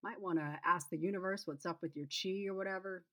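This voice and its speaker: A woman's voice: on the low side, steady tone, a little fast, close to an everyday voice. A woman voicing a nosy, laid-back young man who needles and teases. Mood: teasing. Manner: wry, needling.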